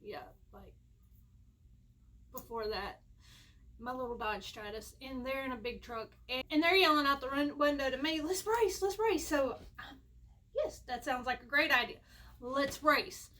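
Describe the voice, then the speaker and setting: A woman's voice: sits high, a little slow, pauses often, sharp tone. A young woman, telling a rambling, self-mocking storytime at home. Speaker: vlogger. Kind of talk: casual storytime.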